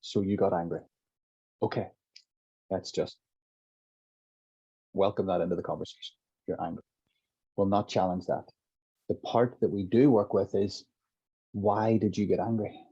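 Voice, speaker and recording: A man's voice: low-pitched, fairly even intonation, moderate pace, pauses often, dark tone, slightly rough. A middle-aged man as an interview guest, reflectively walking through examples of how a practitioner works with someone's anger. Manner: reflective, walks through examples with hypothetical dialogue. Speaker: guest, compassionate inquiry practitioner. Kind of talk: explanatory interview talk. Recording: dull lo-fi audio.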